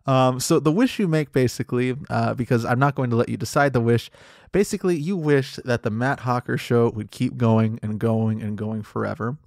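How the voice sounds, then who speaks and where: A young man hosting a comedy podcast, spinning absurd adventures and a fake interview in a deadpan, rambling manner. His voice sits at a middle pitch. The recording is close and dry. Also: moderate pace, gravelly, no echo. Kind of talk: absurd improvised narration and mock interview.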